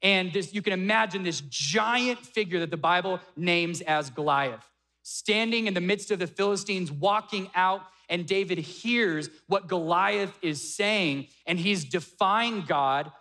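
Man, preacher, high voice, bright tone, animated storytelling. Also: a little slow. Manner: animated, acts out quoted dialogue. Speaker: pastor. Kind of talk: sermon storytelling.

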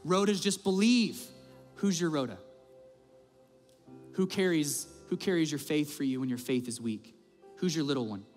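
A man preaching a sermon as the pastor, telling stories in an animated, conversational way in a church auditorium. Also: a little high, moderate pace, pauses often. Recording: long hall reverb with faint music.

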